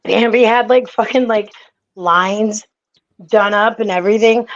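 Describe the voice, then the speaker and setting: A woman's voice: medium pitch, fairly even intonation, measured pace, muffled recording. A woman hosting a casual chat, talking bluntly and with plenty of swearing. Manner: blunt, profane, rambling.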